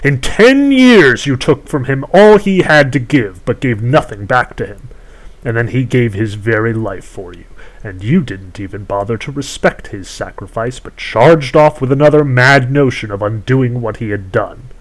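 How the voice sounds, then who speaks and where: A man's voice: mid-range voice, lively intonation, normal speed, lightly acted, poor audio. Man playing a cool, condescending sorceress; haggling storybook villain. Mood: scornful. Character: scheming ageless sorceress woman who trades in stolen youth.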